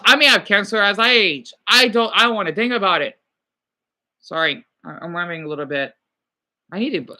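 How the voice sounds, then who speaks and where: A man's voice: fairly high pitch, pushed and bright. A man livestreaming casually, rambling, swearing and apologizing as he answers viewer comments.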